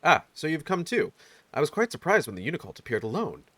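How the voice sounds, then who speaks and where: A man's voice: a little high, sing-song, quick pace, a bit bright. A man doing a stately courtly game official. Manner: stately, archaic phrasing. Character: courtly, formal official who speaks in an old-fashioned way. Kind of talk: reading game dialogue aloud.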